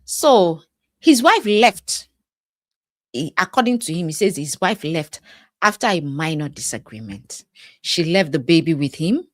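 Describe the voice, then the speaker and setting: A woman's voice: deep voice, sing-song, a little slow, dry recording, studio quality. A woman with a Nigerian accent, host and life coach, giving chatty reaction commentary and often laughing as she talks.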